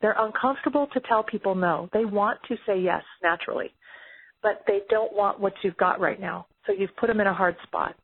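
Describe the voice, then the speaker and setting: A woman guest in an interview, explaining coaching in energetic casual talk and acting out sample calls. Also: mid-range voice, a little fast, husky. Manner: energetic, role-plays sales calls. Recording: tinny phone line, dry.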